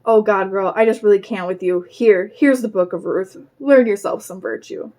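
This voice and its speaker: Woman reading as a pious teen girl, chiding, teasing, middle pitch. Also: normal speed, warm tone, natural voice. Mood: teasing, scolding. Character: devout teenage girl, prim and scolding.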